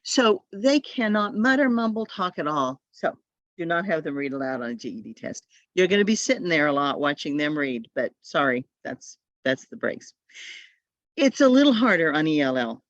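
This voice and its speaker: A woman's voice: low-pitched, big pitch swings, moderate pace, dry recording. Woman trainer, chatty and advice-giving, over a dull lo-fi call line. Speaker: literacy tutor trainer. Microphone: video call.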